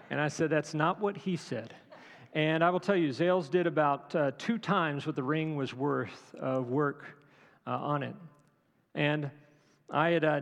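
Man, middle-aged, pastor, sermon storytelling, gravelly, conversational and humorous, reverberant hall. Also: a little high. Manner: conversational, humorous, asks the audience "right?".

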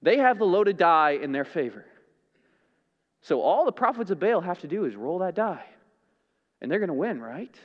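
Male pastor, dramatic sermon delivery, lively pitch, roomy dull hall sound. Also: moderate pace, pauses often. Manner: dramatic, swings from loud to hushed.

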